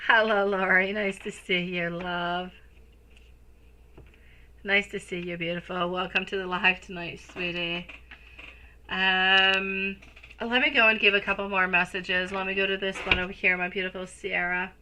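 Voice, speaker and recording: Bright gushing woman tarot reader. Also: medium pitch, level tone, unhurried, slight background noise, low-quality recording. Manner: gushing, endearing, calls viewers sweetie and my love. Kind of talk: live-stream tarot reading.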